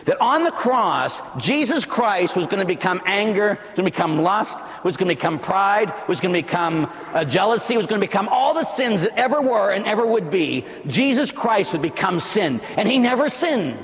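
A priest delivering a dramatic, emphatic sermon, building up to loud shouts. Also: male voice, high-pitched, lively intonation, moderate pace, few pauses, big-room sound.

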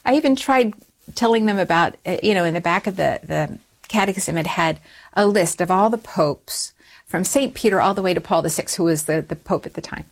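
A middle-aged woman telling a personal story in an interview, animated and often restarting her words, jumping higher when she quotes herself. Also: brisk. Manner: animated, rises high when quoting herself; frequent restarts and repeated words.

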